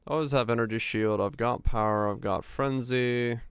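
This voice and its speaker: A man's voice: mid-range voice, fairly even intonation, normal speed, clear, resonant tone, no room sound. A young man streaming a game, chatting casually, answering chat questions and thinking aloud as he plays.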